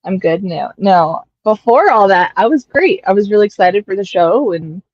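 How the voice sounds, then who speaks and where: A woman's voice: mid-range voice, lively intonation, normal speed, a little mellow, muffled recording. A woman guest on a casual live-stream podcast, friendly and laughing easily, giving short replies.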